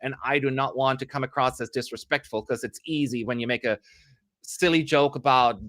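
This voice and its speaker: A man's voice: mid-range voice, steady tone, brisk, fairly bright tone, no room sound. A man from Germany hosting a live stream, chatty and self-mocking, with a dry, sarcastic streak. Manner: chatty, self-mocking, reads viewer questions aloud. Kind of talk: casual live-stream commentary.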